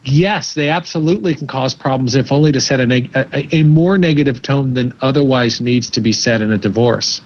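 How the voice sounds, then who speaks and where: Measured man giving advice, lo-fi sound. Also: mid-range voice. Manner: measured, advising, repeats words while thinking. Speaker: psychologist guest. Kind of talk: interview answers.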